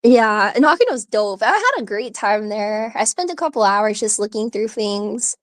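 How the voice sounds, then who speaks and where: A woman's voice: medium pitch, expressive, normal speed, no echo. A woman hosting a live audio stream, chatting casually in a rambling, giggly way full of "like" and restarts, with hiccups. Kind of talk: casual chat.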